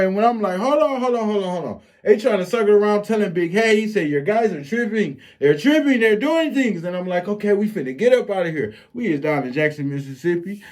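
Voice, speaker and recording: Brief: man with a Flint accent, slightly high voice, loose profane storytime delivery. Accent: Flint, Michigan. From Flint, Michigan. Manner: animated street storytelling, profane slang. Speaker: storyteller vlogger. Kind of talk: casual storytime monologue.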